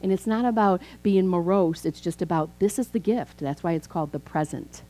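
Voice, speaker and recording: A woman in her fifties, a minister, preaching a chatty, animated sermon in a church. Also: on the low side, a little fast, low-quality recording. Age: 50s. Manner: animated, chatty, acts out quoted voices. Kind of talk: conversational sermon.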